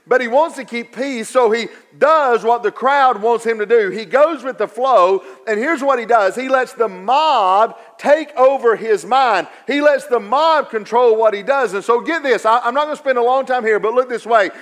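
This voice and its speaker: A man preaching a sermon, swinging from quiet stretches to raised, emphatic repetition. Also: very high-pitched, normal speed, few pauses. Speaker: pastor.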